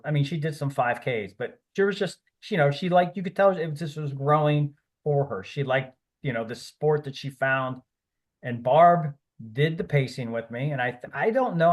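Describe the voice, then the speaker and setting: Brief: male podcast guest, mid pitch, loose rambling delivery, full of fillers, upbeat pep talk. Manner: rambling, encouraging, many fillers and restarts. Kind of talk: casual interview talk.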